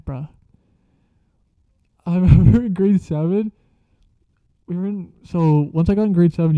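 A man's voice: a little high, no room sound. A young man casually telling a story from school, slangy and profane, laughing as he goes. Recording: dull lo-fi sound.

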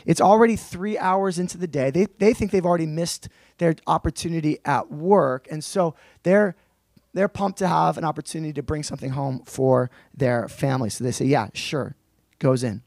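A male preacher teaching through a Bible passage in a relaxed, conversational sermon, explaining with slangy asides. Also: a little high, normal speed, gravelly, no echo.

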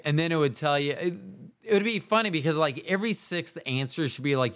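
A man hosts his own show solo and talks casually in a loose, rambling way. His pitch swings widely as he jokes at his own expense. He drifts from one aside to another. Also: lively intonation, brisk, hardly any pauses, a bit bright, clear, resonant tone. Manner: rambling, self-mocking, jumps between voices. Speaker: podcast host. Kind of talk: casual solo podcast monologue.

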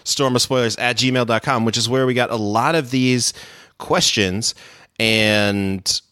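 A man's voice: medium pitch, measured pace, bright, forceful tone, smooth, no room sound, clean studio sound. A man co-hosting a podcast in casual chat, easygoing and wry, stretching out his phrases. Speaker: podcast co-host.

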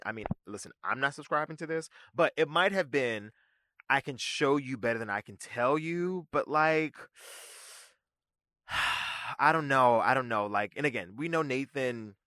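A man hosting a podcast, recapping a TV episode in a casual, sassy, slang-filled way with quick asides. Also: mid-range voice, pushed and bright, no echo, clean studio sound. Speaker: podcast host.

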